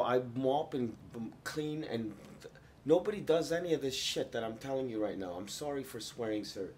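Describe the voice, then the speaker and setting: A man recording a handheld video log to his landlord, rambling and profane, swinging from loud outbursts to low mutters. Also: slight background noise. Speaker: vlogger addressing his landlord. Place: outdoors and indoors at his rented home.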